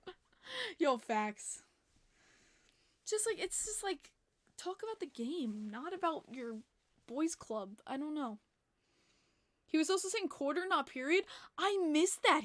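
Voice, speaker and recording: A woman hosting a casual hockey podcast, animated and laughing often, swearing freely. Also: high voice, moderate pace, no echo. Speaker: podcast host.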